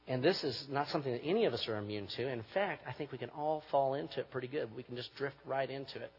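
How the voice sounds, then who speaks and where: A man preaching a sermon as pastor, moving from quiet reflection to forceful emphasis. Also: mid-range voice, fast talker, slightly rough. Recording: muffled recording with long hall reverb.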